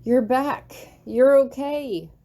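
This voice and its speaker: A woman's voice: on the high side, expressive, normal speed, dark tone, voice pushed up, natural voice. A woman reading the lines of a distraught young witch heroine, pleading and earnest.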